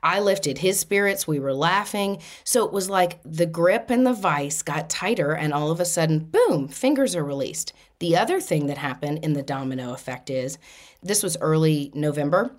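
A woman host telling a personal story in a casual, animated monologue, laughing now and then. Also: deep voice, moderate pace.

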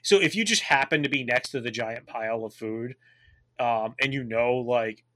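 A man in his thirties co-hosting a podcast in casual, profane chat, boisterous and quick to laugh. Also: mid-range voice, sharp tone. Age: 30s. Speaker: podcast co-host, military veteran.

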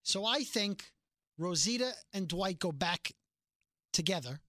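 A middle-aged podcast co-host with a fairly low voice talks a little slowly, telling stories with animated, emphatic energy in a casual chat. The recording is studio quality and free of echo.

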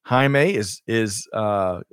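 A man who co-hosts a livestreamed supply chain show keeps up cheerful, casual banter full of laughter and fillers. His lowish voice is resonant, clear and a bit bright, and he speaks extremely slowly. The sound is clean studio audio with no echo.

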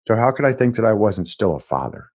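Middle-aged man, very low voice, husky, earnest, halting, interview guest. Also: very animated, a little mellow. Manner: earnest, halting with repeated starts. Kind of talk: reflective conversation.

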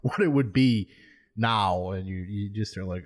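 A man in casual film-review chat who talks in a relaxed, rambling way and often restarts his sentences. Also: on the low side, a little slow. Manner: relaxed, rambling, self-interrupting.

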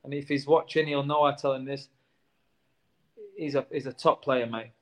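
A former footballer talking casually in an interview, earnest and warm toward the players, tacking "mate" onto his sentences. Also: medium pitch, steady tone, moderate pace. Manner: earnest, says "mate" a lot.

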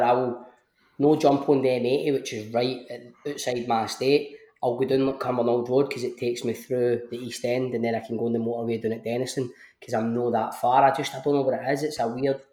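A Glaswegian man in his thirties talks in a broad, chatty way, dropping into local dialect and laughing easily. His voice sits at an ordinary middle pitch. The recording carries a roomy echo around him. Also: darkish tone. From Scotland. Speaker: podcast guest, actor. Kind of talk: casual chat. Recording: echoey room.

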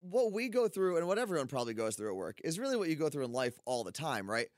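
A man's voice: fairly high pitch, very animated, fast, no room sound, studio quality. A man co-hosting a radio podcast, chatty and wry in casual banter. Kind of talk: casual chat.

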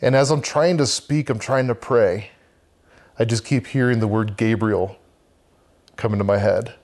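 A man's voice: lowish voice, moderate pace, darkish tone. A man, guest on a podcast, earnestly telling a vivid personal faith story and talking about leading a men's church group.

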